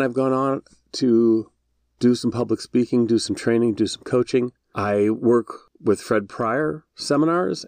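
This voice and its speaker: A man's voice: medium pitch, darkish tone, no room sound. A middle-aged man hosting a podcast, telling his own story in a casual, self-deprecating way. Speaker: podcast host. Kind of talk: solo podcast monologue.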